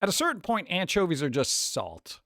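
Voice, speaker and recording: A man with a New York accent hosts a casual livestream and chats with his viewers. His voice sits a little high, and his remarks are sarcastic and mock-exasperated. The sound is dry and close, with almost no room in it. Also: huge pitch swings, moderate pace, sharp tone, no room sound. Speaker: streamer host. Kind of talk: casual livestream chat reacting to chat.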